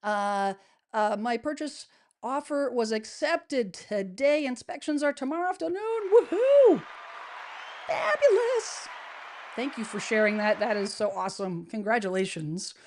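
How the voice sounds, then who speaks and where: A woman's voice: fairly high pitch, moderate pace. A woman hosting a casual livestream, greeting her chat in an upbeat, chatty way with many fillers and restarts. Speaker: livestream host, real estate advisor. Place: home studio, indoors.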